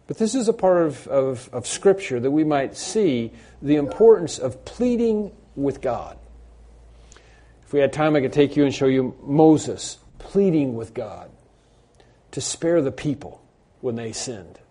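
Man preacher, mid-range pitch, warm dark timbre, mixes scripture reading with loose commentary. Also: expressive, a little slow. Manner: reads scripture aloud, then comments with fillers and restarts.

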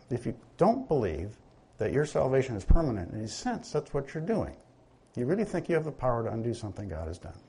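A man preaching a sermon, talking it through like a teacher and turning questions back on his listeners. His voice is slightly husky, and his pitch swings up and down with a lot of movement. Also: very animated, brisk, mellow.

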